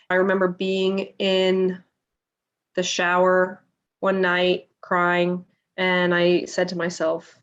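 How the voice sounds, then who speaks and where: Animated woman telling her story, lo-fi sound. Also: on the low side, slow, clear, resonant tone. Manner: animated retelling, acts out quoted dialogue. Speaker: podcast guest. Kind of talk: casual interview storytelling. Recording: dull lo-fi audio.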